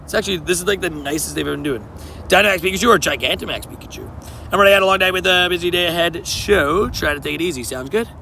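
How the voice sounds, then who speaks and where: A man's voice: high-pitched, very fast, gravelly, bright, forceful tone, a little hiss or hum. A young man streaming casually to his live chat, laid-back and slangy, greeting viewers by name while outdoors.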